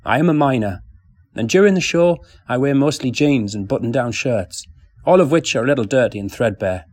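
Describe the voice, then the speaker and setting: A man in his late forties from County Durham with a northeast English accent, giving a plain, steady scripted self-description as a stage actor. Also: medium pitch, fairly quick, no echo, studio quality. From County Durham, northeast England. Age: 40s.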